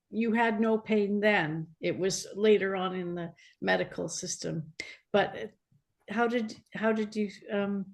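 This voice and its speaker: A woman hosting an interview, giving soft backchannels and asking reflective questions. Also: medium pitch. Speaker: interview host. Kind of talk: casual interview.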